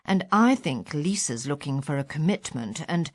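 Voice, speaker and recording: A woman's voice: sits low, expressive, normal speed, pitched below the performer's own voice. A woman doing a smug young boyfriend. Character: boastful young man, self-satisfied boyfriend.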